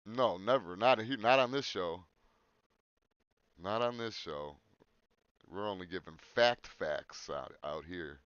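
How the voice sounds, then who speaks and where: A man's voice: fairly low pitch, takes it slowly, long pauses, fairly bright tone, clean tone, dry recording, muffled recording. A man hosting a podcast in casual chat, joking crudely and swearing. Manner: crude joking, breaks into silly put-on voices. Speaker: podcast host.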